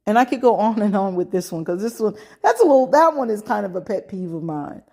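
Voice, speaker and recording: A woman's voice: medium pitch, lively intonation, quick pace, creaky, warm tone. A middle-aged American woman hosting a podcast, giving advice in a casual monologue, emphatic and punctuated with frequent "okay" asides. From United States. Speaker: podcast host.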